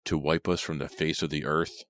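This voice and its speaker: Calm gloating axe murderer guy, read by a man, super deep voice, dead dry sound. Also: no room sound. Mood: menacing. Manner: slow, calm, menacing delivery.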